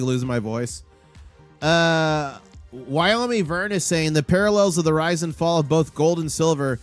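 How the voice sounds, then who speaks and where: A man hosting a live stream with market commentary, excitable and rattling off prices and numbers. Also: on the high side. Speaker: livestream host.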